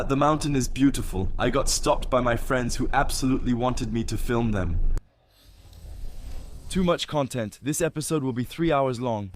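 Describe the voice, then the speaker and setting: A man's voice: medium pitch, a bit bright, a little hiss or hum. A man vlogging a walk through hilly city streets, chatty and rambling, often repeating his words. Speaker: travel vlogger. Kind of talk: casual vlog chat while walking.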